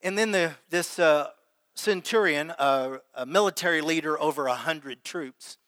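A man's voice: on the high side, measured pace, fairly bright tone. A man preaching a sermon as pastor, talking conversationally and putting questions to his congregation. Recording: long hall reverb.

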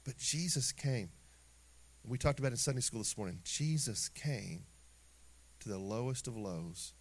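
A middle-aged man preaching a sermon in an animated way, acting out little scenes and dropping into quiet asides. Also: mid-range voice, normal speed. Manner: animated preaching with acted asides and sung snippets. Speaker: pastor.

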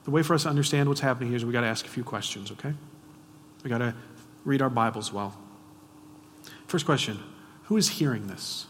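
A man preaching a sermon, asking the audience frequent rhetorical questions and swinging between hushed and loud, emphatic delivery. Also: medium pitch, brisk, long pauses, slight background noise. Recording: long reverb of a large hall.

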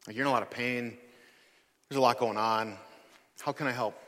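A man's voice: mid-range voice, fairly even intonation, moderate pace, pushed and bright. A man preaching a sermon as pastor, conversational, acting out the people he quotes. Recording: long hall reverb.

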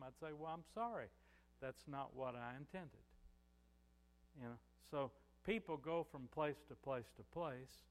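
A man's voice: a little high, long reverb tail. Older male pastor, conversational sermon. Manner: conversational preaching, frequent "you know" fillers.

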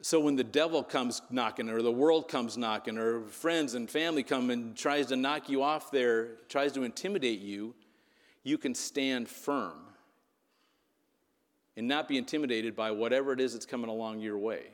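A man's voice: medium pitch, normal speed, long reverb tail. A man preaching a sermon in a conversational way, telling a story and checking in with "right?". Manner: conversational, frequent "right?" asides. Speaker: pastor.

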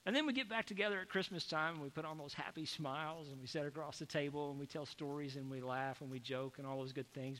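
A man preaching a sermon as pastor, animated, acting out the voices of people he quotes. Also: fairly high pitch. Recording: echoey hall with long reverb.

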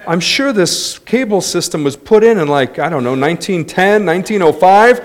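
Lively preaching man, fairly high voice. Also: normal speed. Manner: swings from soft and low to loud and lively, with laughs. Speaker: pastor. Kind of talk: sermon.

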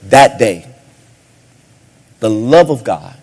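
A man preaching a sermon as a pastor, swinging between sudden shouts and hushed asides. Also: mid-range voice, animated, extremely slow, breathy edge.

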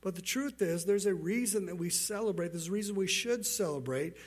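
A man preaching from the pulpit with a strikingly high voice. He tells his story in a lively, animated way, often doubling back on his words as he goes. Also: brisk. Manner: storytelling, animated, repeats words while speaking. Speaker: pastor. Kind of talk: sermon with a told joke.

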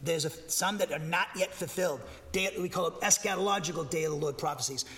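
A man's voice: a little high, fast, a bit bright, in a large hall. A man preaching verse by verse, reading scripture aloud and then explaining it, with fillers and restarts. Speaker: pastor. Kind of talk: verse-by-verse Bible teaching.

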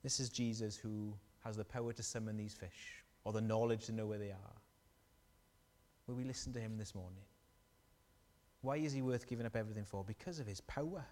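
A man preaching a sermon, animated and storytelling, asking the congregation questions. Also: lowish voice, brisk, long reverb tail.

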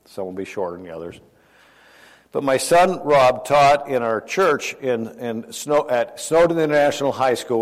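An older man preaching a sermon in a conversational way, asking his listeners questions and chuckling often. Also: fairly high pitch. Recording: long hall reverb.

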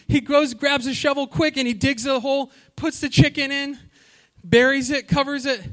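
A man preaching a sermon, telling a story with animated delivery and questions to the congregation. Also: very high-pitched, moderate pace. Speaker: pastor.

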